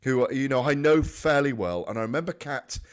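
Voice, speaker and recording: A man's voice: medium pitch, a little fast. A man co-hosting a sports radio show, chatting animatedly about fights and telling stories. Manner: animated, storytelling, emphatic. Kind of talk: casual sports chat.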